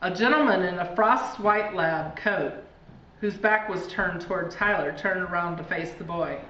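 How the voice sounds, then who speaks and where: A woman reading a spooky children's storybook aloud in a deliberate, dramatic way. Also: lowish voice, a bit bright. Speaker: reader. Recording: distant, echoey, dull, faint hiss.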